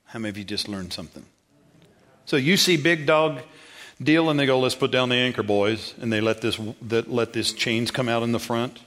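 A man preaching a sermon in a folksy, rambling way, telling a story and acting out the dialogue in a high, excited voice.

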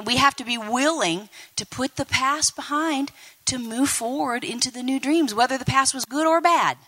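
A woman in her fifties preaching a lively sermon to a congregation, addressing them directly and acting out quoted voices. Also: fairly high pitch. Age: 50s. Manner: animated, talks to the congregation, acts out quoted voices.

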